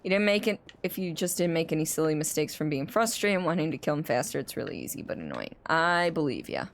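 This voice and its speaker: A woman's voice: low-pitched, sing-song, fast, vocal fry. A woman streaming a game, chatting casually with viewers, rambling with frequent restarts. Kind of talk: casual chat while playing and reading chat aloud.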